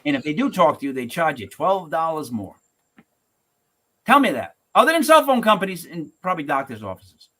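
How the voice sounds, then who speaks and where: Animated ranting male podcast host. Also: on the high side, fairly quick. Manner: animated, ranting, acts out quotes in shifting voices. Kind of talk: casual podcast rant.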